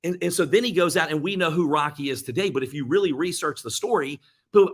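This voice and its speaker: A man giving an earnest motivational talk, retelling comeback stories with quick bursts and frequent restarts. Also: a little high, slightly rough. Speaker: motivational speaker.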